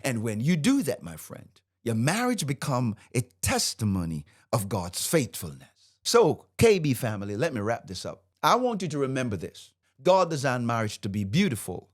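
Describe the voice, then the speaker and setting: A man's voice: mid-range voice, huge pitch swings, moderate pace. A man in his fifties, a marriage coach and host, teaching faith-based marriage principles to camera in a fired-up, preacherly way and quoting scripture.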